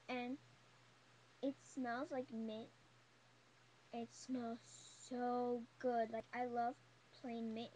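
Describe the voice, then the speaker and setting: A woman's voice: sits high, darkish tone, a little hiss or hum, poor audio. A young woman chatting casually in a beauty haul vlog, gushing and chatty, full of fillers. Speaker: beauty vlogger. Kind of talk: casual haul video chat.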